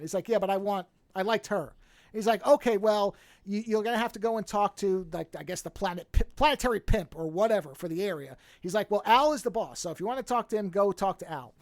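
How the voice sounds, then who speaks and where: Podcast host, mid-pitch, dry close studio mic, swears freely, animated recaps with acted-out quotes. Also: a little fast, dry recording. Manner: profane, animated storytelling, acts out characters' lines. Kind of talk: casual podcast chat retelling a film.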